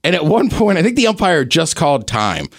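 A man co-hosting a podcast, telling excited stories and laughing a lot in casual sports chat. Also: a little high, brisk. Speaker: podcast co-host.

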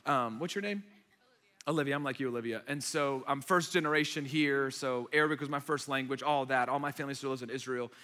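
Man, 30s, pastor. Animated storyteller, bright and forceful tone, echoey hall. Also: mid-range voice, fast. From United States. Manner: animated storyteller, acting out voices. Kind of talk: sermon. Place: large church hall.

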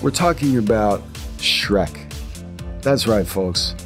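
A man's voice: mid-range voice, expressive, measured pace, faint music behind. A man in his thirties hosting a solo podcast from his home garage, talking casually, eagerly and with lots of restarts. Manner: enthusiastic, rambling, self-interrupting. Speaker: podcast host.

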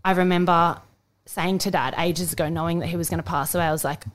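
Chatty Australian woman, lowish voice. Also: steady tone, quick pace. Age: young adult. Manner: chatty and emotional, many restarts and "like"s. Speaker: podcast co-host. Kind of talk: casual chat.

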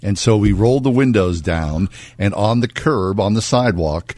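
A man's voice: on the low side, animated, normal speed, darkish tone, dry recording. A man in his sixties co-hosting a radio show, telling self-deprecating stories in a jovial, casual way. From Pittsburgh.

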